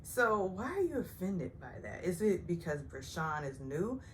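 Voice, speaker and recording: Sarcastic lady doing a tv recap, swoops way up for quotes, low-ish voice, faint background noise. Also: sing-song, a little slow. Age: older. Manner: chatty and sarcastic, acts out quotes in high voices. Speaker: recap host. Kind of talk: casual TV recap vlog.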